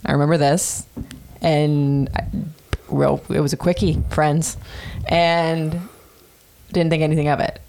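A woman's voice: low voice, level tone, a little slow, vocal fry, long pauses, darkish tone. A woman in her thirties casually telling a personal story on a podcast, chatty and profane with many fillers. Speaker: podcast host.

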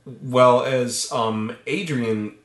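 A man's voice: mid-range voice, fairly even intonation, extremely slow. A man with a middling voice co-hosts a movie podcast, chatting casually. He jokes, stumbles into sentences and reaches for odd metaphors. The room around him is echoey. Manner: playful, jokey, fond of odd metaphors. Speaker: podcast co-host. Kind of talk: casual movie review chat. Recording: roomy echoey mic.

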